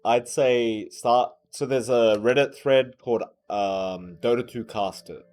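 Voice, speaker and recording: A man's voice: mid-range voice, slow, darkish tone. A man co-hosting a podcast as an esports caster, in casual, rambling chat with a lot of restarts and some swearing, sounding tired. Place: hotel conference room.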